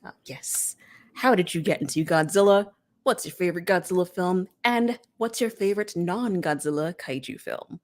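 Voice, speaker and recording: A woman hosting a casual livestream chat show, friendly and quick to laugh. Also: lowish voice. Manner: giggly, friendly. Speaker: host.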